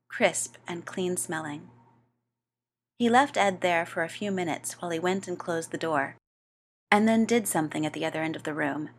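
A woman reading a story aloud as narrator, with a wry, expressive delivery. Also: mid-range voice.

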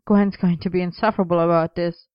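A woman's voice: fairly low pitch, steady tone, fast talker, smooth, no echo, close to an everyday voice. Woman voicing a cheeky teasing young man. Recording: slightly dull, dry close recording.

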